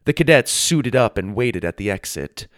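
A man reading a children's story aloud as narrator, in an expressive storytelling manner. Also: on the low side, moderate pace, heavy background noise.

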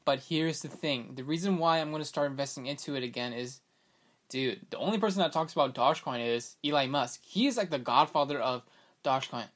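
A man's voice: mid-range voice, brisk. A young man hosting his own podcast in a casual, rambling chat, full of filler words, and he has the hiccups. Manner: excitable and rambling, many fillers like "like" and "bruh". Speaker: podcast host.

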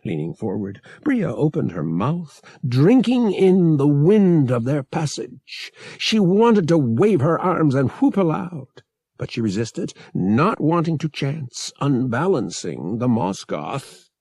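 A man reading an audiobook in measured, expressive scripted narration. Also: on the high side, husky, dry recording, studio quality.

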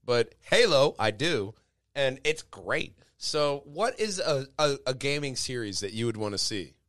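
A man co-hosting a casual podcast, animated and laughing, swearing freely as he reads out news. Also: mid-range voice, a little slow, no room sound, clean studio sound. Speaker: podcast co-host. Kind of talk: casual chat, reading news.

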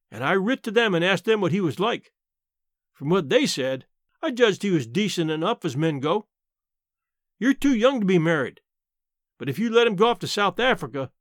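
A man voicing a blunt, sharp-tongued old countrywoman aunt in a story reading, dry and matter-of-fact, with plain country talk. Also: high-pitched, no echo.

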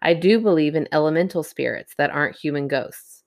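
Low-voiced woman reading spooky stories. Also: a little fast, no room sound, clean studio sound. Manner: laughs easily, teasing. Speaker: podcast co-host reading stories. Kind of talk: casual chat, reading listener stories.

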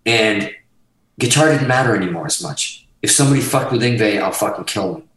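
Animated, cursing man in an echoey room. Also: fairly low pitch, brisk. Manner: animated, profane, rambling. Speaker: guitarist guest. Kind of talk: casual storytelling interview.

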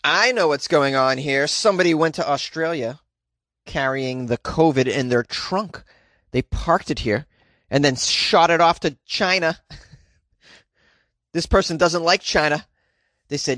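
A man reading quirky news items aloud with a sarcastic, jokey running commentary, laughing at his own bits. His voice sits on the higher side, and the recording is close and dry with no room sound. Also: lively intonation, moderate pace, a bit bright, dry recording. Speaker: host.

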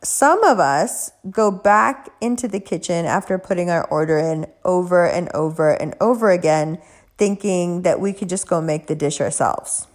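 A woman giving a casual motivational talk, telling an animated story and swearing casually. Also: on the low side, moderate pace. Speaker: motivational speaker.

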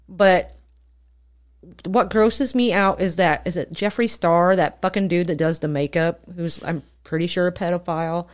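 A woman's voice: fairly low pitch, fairly even intonation, moderate pace. A woman co-hosting a casual chat, blunt and profane, often laughing. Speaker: podcast co-host.

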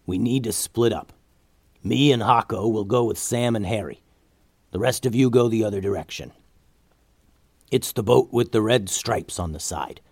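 A man voicing a calm male leader who gives plans in clipped, quick instructions. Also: on the low side, no echo. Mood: planning.

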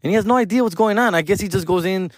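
A man's voice: sits high, very fast, dry recording, clean studio sound. A man in his forties hosting a comedy podcast, rambling casually in slangy, profane talk with Spanish words mixed in. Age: 40s.

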